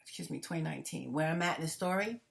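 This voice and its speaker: A woman vlogging straight to her viewers in a casual monologue. She rambles with restarts and repeats, curses bluntly, and swings from loud laughing bursts to hushed tones. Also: deep voice, fast talker, vocal fry. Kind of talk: casual direct-to-camera monologue.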